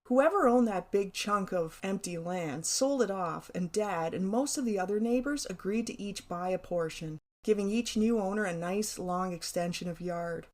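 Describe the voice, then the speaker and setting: A woman's voice: medium pitch, moderate pace, hardly any pauses, darkish tone. A middle-aged woman reading her own childhood memoir aloud, wry and playful. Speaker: memoir narrator.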